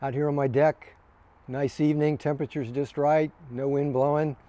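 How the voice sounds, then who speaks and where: A man giving a relaxed, conversational sermon as a pastor, recorded outdoors on his deck in the evening. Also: on the high side, normal speed. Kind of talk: casual sermon.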